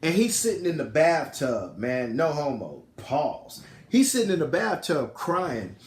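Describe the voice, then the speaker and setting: Male film reviewer, lively slangy storyteller, a bit high-pitched, echoey room. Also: measured pace, a little hiss or hum. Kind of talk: casual film recap. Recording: roomy echo.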